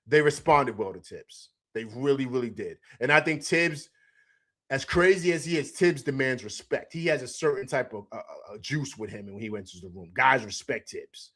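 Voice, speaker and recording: A man hosts a live sports reaction stream in a loose, chatty way. His voice sits a bit high for a man, and he repeats himself and laughs a lot. He stops now and then to read viewer comments aloud. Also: expressive, normal speed, a bit bright. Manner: reads out chat comments. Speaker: sports talk show host.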